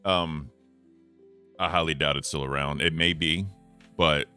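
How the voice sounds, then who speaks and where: An American podcast co-host, a young man with an extremely deep voice, chats casually at a measured pace in a clean, bright, forward tone. He rambles and lets sentences trail off quietly while faint music plays in the background.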